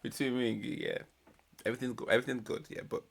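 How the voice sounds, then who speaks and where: A man's voice: medium pitch, fairly even intonation, moderate pace, gravelly, long pauses, a little hiss or hum. A man giving casual, slangy reaction commentary on a reality show, retelling scenes with laughs. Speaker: reaction channel host.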